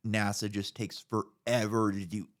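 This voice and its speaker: A man's voice: lowish voice, level tone, a little slow. A man in his thirties co-hosting a casual podcast, ranting with plenty of profanity and a mocking edge. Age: 30s. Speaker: podcast co-host.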